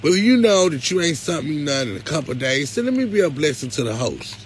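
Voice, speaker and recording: A man hosting a live stream, talking casually, pleading one moment and loudly complaining the next. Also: fairly high pitch, quick pace, slight background noise. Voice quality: animated, swings from pleading to loud complaint. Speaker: live show host.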